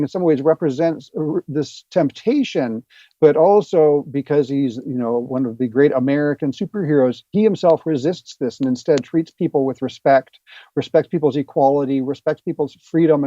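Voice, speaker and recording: A man's voice: fairly high pitch, mellow, dry recording, dull audio. A man, a guest author, answering interview questions earnestly with hesitant fillers.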